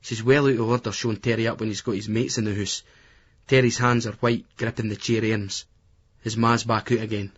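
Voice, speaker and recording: A man's voice: lowish voice, steady tone, fairly quick, husky. Blunt Scottish man narrating. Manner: blunt, crude and conversational. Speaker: audiobook narrator. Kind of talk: first-person novel narration. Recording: dull lo-fi audiobook recording.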